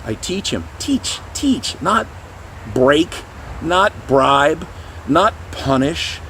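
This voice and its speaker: Middle-aged male dog trainer, lively pitch, faint street noise outdoors. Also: drawn-out words. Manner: animated, does high goofy voices for dogs and people. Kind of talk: casual explanatory talk to camera.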